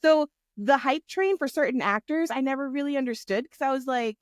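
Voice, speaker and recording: A woman co-hosting a tabletop gaming podcast, telling stories in animated, chatty casual talk. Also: high-pitched, fairly quick, dry recording, clean studio sound. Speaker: podcast co-host and game master. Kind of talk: casual chat.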